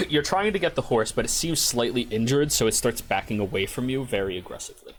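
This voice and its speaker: A man runs a tabletop game, describing the scene in an easy, unhurried way. His voice sits at an average pitch. He pauses now and then with little fillers. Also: lively intonation, a bit bright, a little hiss or hum. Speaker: game master.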